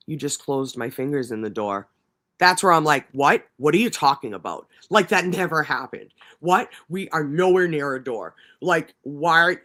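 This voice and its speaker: A man's voice: medium pitch, bright, forceful tone. A man co-hosting a livestream, reading trial testimony aloud and breaking in with mocking, profane asides. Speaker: livestream co-host.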